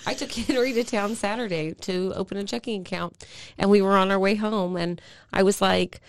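A woman's voice: fairly low pitch, fairly quick, creaky. A woman co-hosting a podcast in casual chat, telling sentimental stories about her kids and laughing often. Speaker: podcast co-host.

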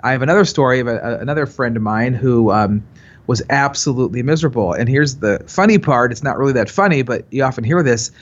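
A man's voice: mid-range voice, quick pace, highs cut off. A middle-aged man, a financial advisor talking casually, with lots of fillers and restarts. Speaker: financial advisor, podcast regular. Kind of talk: casual conversational explaining.

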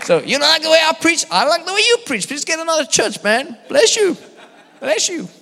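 A man doing a brash, shouting preacher. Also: extremely high pitch, big pitch swings, brisk, creaky, voice pushed up, exaggerated voice. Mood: defiant. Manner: mocking, shouting retorts. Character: blunt, defiant male preacher with a strong accent. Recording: echoey hall.

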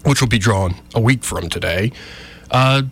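A man hosting a local talk radio show, ranting with a wry, animated manner, in a radio studio. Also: fairly low pitch, normal speed, husky.

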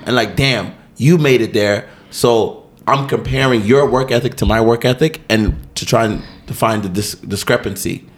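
Animated man telling stories. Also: medium pitch, normal speed, few pauses. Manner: animated storyteller, acts out quotes. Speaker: podcast guest. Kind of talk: casual chat.

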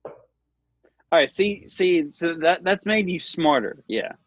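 A young man in his twenties ribbing his co-hosts on a podcast call, his pitch bouncing all over the place. He sits a little high for a man, and his dry audio comes through dull and lo-fi. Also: slow, no echo. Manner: teasing, animated. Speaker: podcast co-host. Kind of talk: casual chat. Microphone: computer mic, remote call.

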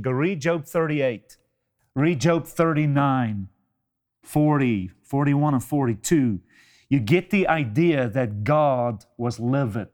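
A man preaching a sermon with a slow, dramatic delivery, full of rhetorical questions and addressing his listeners as beloved. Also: mid-range voice, darkish tone.

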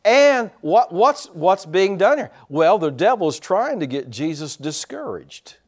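A male pastor preaching with a fairly high voice that swings widely in pitch. He tells his stories with animated energy, stumbles and repeats himself, laughs at his own mix-ups, and keeps asking the congregation questions. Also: unhurried. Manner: animated storytelling with laughs and repetitions; draws congregation responses with questions. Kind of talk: sermon.

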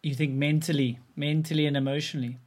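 A male host with a fairly high voice asks probing follow-up questions. His tone is loose and conversational, and he swears freely. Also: steady tone, quick pace. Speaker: interviewer and host. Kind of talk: casual interview chat.

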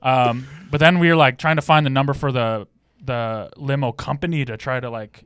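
Young man telling stories, smooth dry voice. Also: medium pitch, moderate pace, fairly bright tone, no room sound. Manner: laid-back storytelling, swearing. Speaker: podcast co-host. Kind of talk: casual chat.

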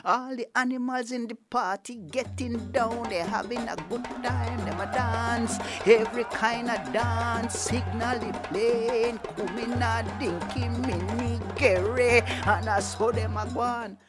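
A woman with a Jamaican accent telling a folk tale in a lively, sing-song way with playful asides. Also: a little high, slow pace, few pauses, loud music behind the voice. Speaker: storyteller. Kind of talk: animated folk storytelling.

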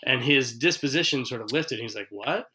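A man's voice: mid-range voice, brisk, pushed and bright, slight background noise, low-quality recording. A man hosting a podcast conversation in an earnest, reflective way, retelling stories with quoted dialogue. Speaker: podcast host. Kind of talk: casual conversational interview.

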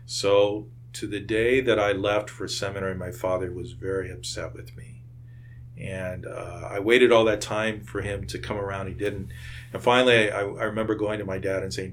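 Deep-voiced earnest priest recalling his family. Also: steady tone, slight background noise. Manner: earnest, measured, with hesitant fillers. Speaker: priest and church office director. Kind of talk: reflective interview recollection.

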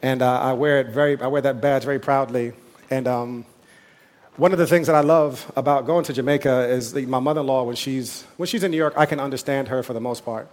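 A man preaching a sermon as pastor, talking in a conversational way with asides and quick quoted voices. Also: medium pitch, steady tone.

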